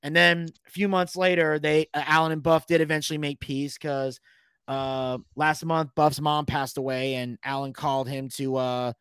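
A man casually telling a story, animated, swearing freely and shouting out the lines he quotes. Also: fairly high pitch, normal speed, clean tone, dry recording. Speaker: podcast guest telling a story.

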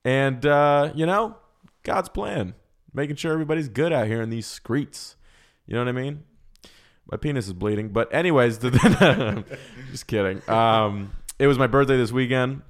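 A young man hosting a comedy podcast, talking in a loud, crude, joking way. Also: mid-range voice, normal speed. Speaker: podcast host. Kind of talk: casual comedy podcast chat.

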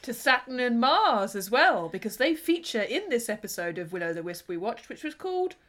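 A woman's voice: on the high side, big pitch swings, normal speed, a bit bright. A woman from northern England co-hosting a podcast, teasing her friend and joking around. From Stockport, northern England. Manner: teasing, playful, fond of mimicry. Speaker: podcast co-host. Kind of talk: casual comedic chat.

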